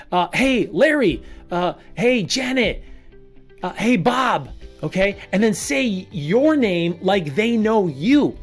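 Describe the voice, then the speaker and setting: A man coaching salespeople in an energetic video lesson. He talks standing up, projects energy on purpose and repeats short punchy phrases. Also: sits high. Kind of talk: energetic coaching monologue to camera.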